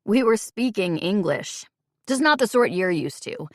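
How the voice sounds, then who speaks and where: A woman voicing a charming, evasive young man in an audiobook, speaking slowly and teasingly. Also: medium pitch, animated, dry recording, studio quality, close to an everyday voice. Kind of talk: audiobook character voice.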